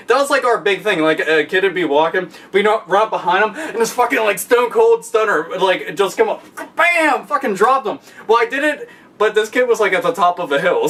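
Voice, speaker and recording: Man, high voice, bright and forceful tone, profane excitable rant, sits back from the mic. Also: recorded from a distance. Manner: profane, excitable, bursts into loud shouting impressions. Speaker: podcast guest. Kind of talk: casual ranting monologue.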